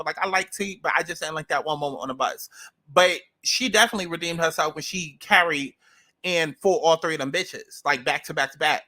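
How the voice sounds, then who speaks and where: High-voiced sassy New man. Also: sharp tone. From New York. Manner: blunt, profane, sassy. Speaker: reality show reviewer. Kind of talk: ranting commentary.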